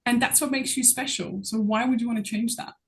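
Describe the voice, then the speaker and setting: Woman coach, fairly high voice, lively and laughing a lot, faint background hiss. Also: fairly quick. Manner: expressive, laughs often while talking. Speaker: guest public speaking coach. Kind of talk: casual interview chat.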